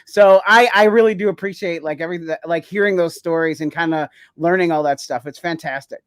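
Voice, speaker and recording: A man's voice: fairly high pitch, brisk, no echo. A man co-hosting a podcast, telling a story in casual chat with rambling phrasing. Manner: rambling, many "like" fillers. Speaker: podcast co-host.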